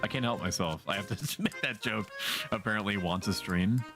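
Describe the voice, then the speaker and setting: A man's voice: lowish voice, moderate pace. A man streaming a game, chatting casually with rambling jokes and casual swearing. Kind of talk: casual gameplay commentary. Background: game music.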